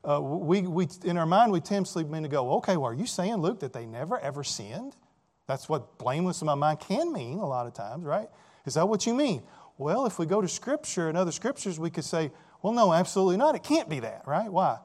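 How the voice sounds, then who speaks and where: Male preacher, higher-pitched voice, emphatic sermon delivery, rhetorical questions, lots of "right?" tags. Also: very animated, brisk. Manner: asks rhetorical questions, many "right?" tags and repeated words; emphatic, swings between loud and soft.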